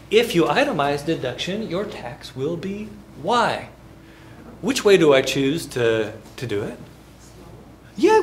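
A man's voice: a little high, slight background noise. A male university instructor giving a classroom lecture. He asks the class questions and jokes between points. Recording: echoey classroom.

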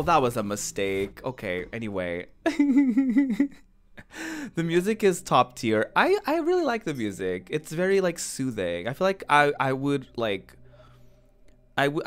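A giggly woman streamer chats with her viewers while playing, her lively voice leaping up and down in pitch. She speaks at an unhurried pace in a smooth, clear tone, with faint music underneath. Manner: giggly and excitable, with sudden squeals. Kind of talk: casual live-stream chat over gameplay.

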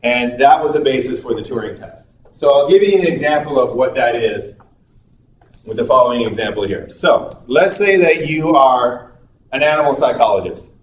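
A male university lecturer delivers a conversational classroom lecture in a medium-pitched voice with lively intonation, acting out little dialogues as examples with quick asides. The room is echoey, and he's picked up from a distance with faint noise.

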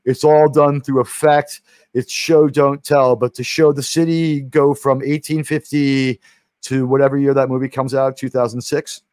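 A man's voice: mid-range voice, flat delivery, normal speed, darkish tone, no echo. A man from New York City hosting a stream, chatting casually about movies, rambling with many restarts and the odd swear word. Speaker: stream host.

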